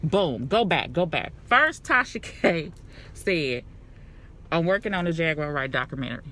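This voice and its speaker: A woman's voice: low-pitched, normal speed. A woman talking casually to camera while doing her makeup, laughing and cursing as she rambles and repeats herself. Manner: animated, laughing, swearing freely, repeats herself; talks while putting on lashes and makeup. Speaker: vlogger. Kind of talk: casual commentary vlog. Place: alone at home.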